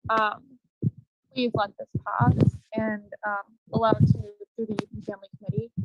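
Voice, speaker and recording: A woman giving public comment over a video call, earnest and hesitant, with many pauses and ums. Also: on the high side, big pitch swings, vocal fry, dry recording, dull audio.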